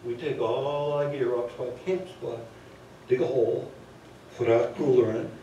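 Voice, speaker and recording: A man's voice: medium pitch, steady tone, moderate pace, dark tone, dull audio, slight background noise. Man telling a tale on a theater stage. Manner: chatty, with asides to the audience. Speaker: storyteller. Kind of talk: live stage storytelling. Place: theater stage before an audience. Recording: echoey theater from far off.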